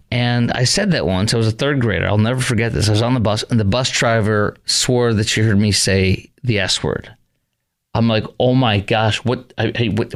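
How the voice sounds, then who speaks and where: A man hosting a radio talk show, rambling with many fillers and sounding indignant. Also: fairly low pitch.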